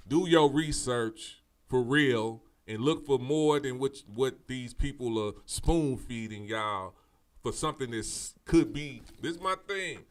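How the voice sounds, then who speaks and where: A man's voice: mid-range voice, measured pace. A man hosting a political commentary show, talking straight to his audience in a fired-up, preachy way, repeating his points, swearing casually and restarting his sentences often. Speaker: show host.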